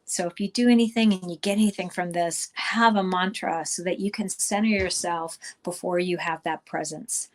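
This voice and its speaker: A woman's voice: lowish voice, steady tone, normal speed, hardly any pauses. A middle-aged woman giving a virtual conference talk, speaking conversationally with frequent fillers and restarts.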